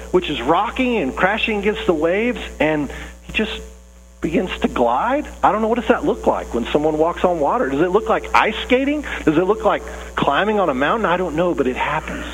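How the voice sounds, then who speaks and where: A man's voice: high voice, long reverb tail, slight background noise, poor audio. A man preaching a sermon in a conversational, earnest way, often asking his listeners questions. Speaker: pastor.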